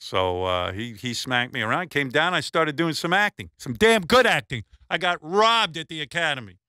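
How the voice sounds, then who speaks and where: A man's voice: on the high side, expressive, normal speed, sharp tone, no echo, clean studio sound. A man hosting a radio show, telling a blunt, profane story with lots of asides. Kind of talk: casual storytelling tribute.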